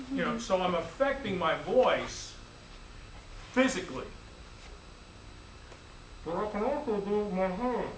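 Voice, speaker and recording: A man, a music teacher, giving a lively, playful classroom lecture full of demonstrations. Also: sits high, slow, long pauses, slight background noise. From United States. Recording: echoey room, distant mic, faint ambience.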